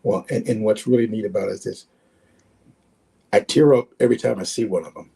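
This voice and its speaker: This guest, a onetime football player in his sixties, tells heartfelt stories on a video call, repeating words and performing past conversations with rising pitch. His voice is mellow and creaky, steady in tone, and brisk.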